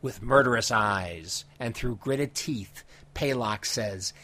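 A man co-hosting a podcast, reading a steady story recap and then chatting with a few fillers. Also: medium pitch, slow. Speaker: podcast co-host summarizing comics. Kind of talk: recap narration and casual chat.

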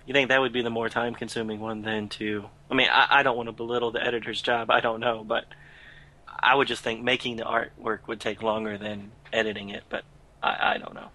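A man's voice: mid-range voice, little pitch movement, fairly quick, sharp tone, rough recording. A man co-hosting a podcast, talking casually and questioning details with a few restarts. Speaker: podcast co-host. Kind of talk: casual chat.

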